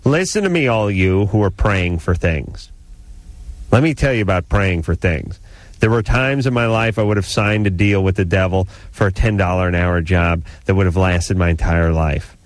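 A man hosting a radio call-in show, joking through loud comic rants from a studio. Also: steady tone, moderate pace, dry recording. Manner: loud, comic rants with big swings in pitch. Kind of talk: casual radio banter. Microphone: studio microphone.

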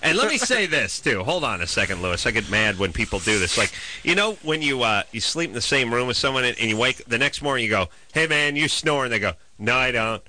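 A man's voice: mid-range voice, quick pace, few pauses. A man hosting a radio call-in show, joking crudely and telling stories with mock indignation. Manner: animated, mock-indignant storytelling. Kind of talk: crude comic radio banter.

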